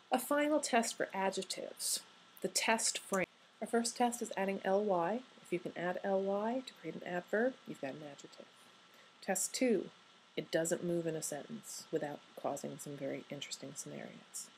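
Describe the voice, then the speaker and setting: A woman's voice: fairly low pitch, slight background noise, low-quality recording. A woman giving a recorded university grammar lecture, conversational and wry, often posing questions to her students.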